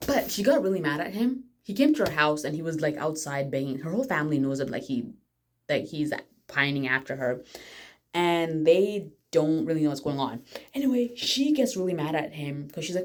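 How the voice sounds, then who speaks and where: A woman excitedly recapping a show's plot in a chatty, casual way. She jumps back and forth through the story. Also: deep voice, moderate pace. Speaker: vlogger.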